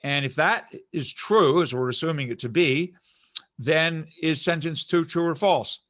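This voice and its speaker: A man's voice: on the high side, a little slow, fairly bright tone, dry recording. Man lecturing in a dry room. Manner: discursive, with frequent restarts and check-in questions. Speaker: philosophy professor. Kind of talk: online university lecture.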